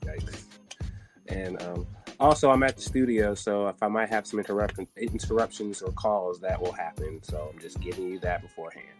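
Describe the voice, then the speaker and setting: A man hosting a podcast from a studio, talking loud and hyped in casual chat and swearing freely. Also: deep voice, normal speed, music in the background. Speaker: podcast host. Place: recording studio.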